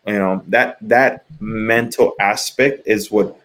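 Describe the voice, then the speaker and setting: A middle-aged man, a former pitcher, chatting casually on a podcast, rambling with many restarts and fillers. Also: steady tone, takes it slowly, fairly bright tone. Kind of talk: casual sports chat.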